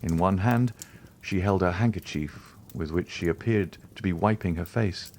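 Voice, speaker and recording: A man reading a classic novel aloud in a measured, even scripted narration. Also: deep voice, a little hiss or hum. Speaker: audiobook narrator.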